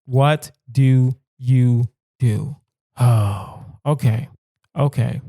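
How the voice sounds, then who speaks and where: A young man hosts a comedy podcast by himself, riffing on hypothetical dilemmas and addressing listeners directly with mock-serious asides in a solo comedic monologue. His medium-pitched voice is unhurried, smooth and darkish, recorded with clean studio sound and no echo.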